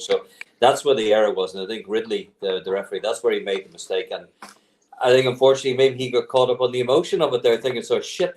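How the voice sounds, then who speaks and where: Fella on a video call going on about the rules, lowish voice. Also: male voice, a little mellow, slight background noise, low-quality recording. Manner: rambling, opinionated explaining. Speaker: panel guest. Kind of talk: casual chat.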